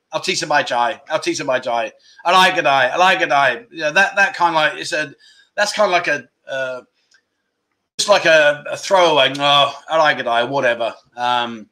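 Bright, chatty male livestream host. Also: on the high side. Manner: chatty, self-interrupting, laughing at his own slips. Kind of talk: casual livestream chat.

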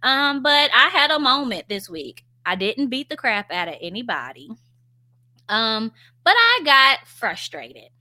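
Speaking in a slightly high, pushed and bright voice with big pitch swings, a young woman shares parenting experiences as a stay-at-home mom. She keeps a measured pace in a casual, candid vlog to followers, often using fillers and laughing at herself.

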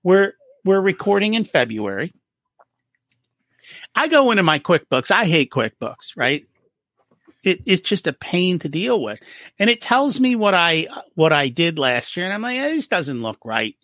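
A man's voice: high voice, a little slow, no echo, clean studio sound. A man speaking as a guest in a casual interview, explaining money habits and acting out short exchanges in different voices. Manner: animated, acts out little dialogues. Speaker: business profitability guest.

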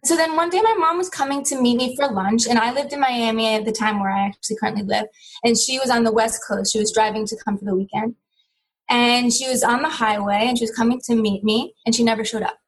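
A woman's voice: a little high, steady tone, quick pace, poor audio. A middle-aged woman, a guest in an interview, telling a personal story in an earnest, reflective way with frequent restarts.

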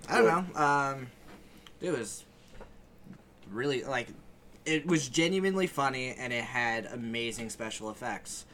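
A young man co-hosting a podcast, giving relaxed, profane opinions in casual chat. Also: medium pitch, unhurried, pauses often, slight background noise. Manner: relaxed, swearing film opinions. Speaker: podcast co-host.

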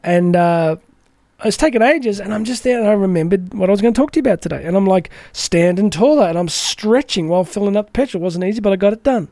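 High-voiced, energetic male podcast host. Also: fast talker, dry recording, studio quality. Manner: energetic, chatty, acts out quoted voices. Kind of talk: motivational podcast monologue.

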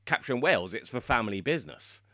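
A man's voice: medium pitch, sing-song, fast, sharp tone, no echo, clean studio sound. A man co-hosting a podcast, explaining lore in casual chat and laughing often. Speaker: podcast co-host.

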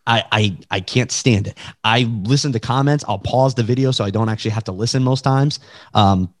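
Emphatic, energetic man as an interview guest on a video call, dry sound. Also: medium pitch, brisk, dry recording. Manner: energetic, emphatic, demonstrates with his voice. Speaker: realtor and guest. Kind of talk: casual podcast interview.

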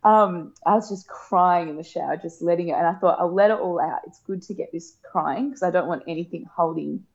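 A woman, telling a personal story in a casual chat, emotional and laughing often, acting out quoted lines in a higher voice. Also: fairly quick, vocal fry, hardly any pauses. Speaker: guest. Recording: dull lo-fi podcast sound.

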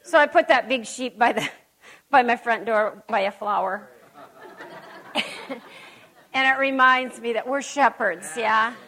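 A woman's voice: fairly high pitch, a little slow, pauses often, pushed and bright. A woman giving a conversational sermon at a church service, emphatic and folksy, with chatty personal asides. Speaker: preacher.

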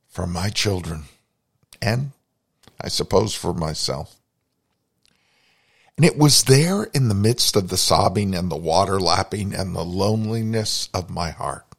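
Slow, gravelly-voiced man telling a story. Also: low-pitched. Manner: reflective, confessional. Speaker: podcast host. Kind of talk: personal storytelling narration.

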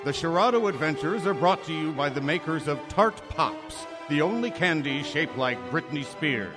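A man's voice: a little high, expressive, normal speed, music in the background, natural voice. A man doing an old-time radio announcer. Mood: grand. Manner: formal announcing cadence.

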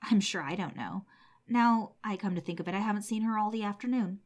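A woman's voice: mid-range voice, fairly quick, a little mellow, natural voice. A woman reading the lines of a cross, spiteful old woman in a storybook, speaking scornfully. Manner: scolding, sour.

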